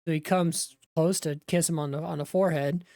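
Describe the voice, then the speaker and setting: A woman's voice: deep voice, fairly even intonation, fairly quick, dark tone, no echo, studio quality. A woman, a Bible teacher, retelling scripture in a conversational way, with asides to the viewer.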